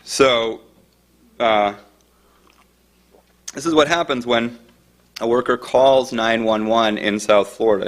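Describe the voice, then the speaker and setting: A man's voice: medium pitch, a bit bright. A middle-aged man speaking informally about his book, conversational and digressive, now and then acting out the people in his stories. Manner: conversational, digressive, acts out quoted voices. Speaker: author giving a talk.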